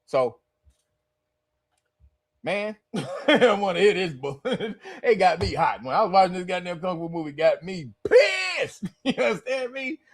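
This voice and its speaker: Dude ranting on a podcast, cussing and laughing a lot, voice jumps all over. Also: male voice, sits high, a little slow, pauses often. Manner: animated, profane, laughs often while ranting. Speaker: podcast host. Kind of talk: casual ranting commentary.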